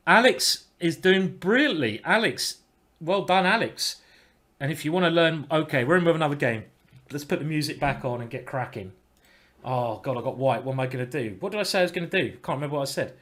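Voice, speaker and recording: A man's voice: on the high side, expressive, a little fast, a bit bright. A man, commenting chattily and rambling a bit as he plays chess on a live stream. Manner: chatty, rambling, with mild swearing. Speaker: chess grandmaster streaming his games.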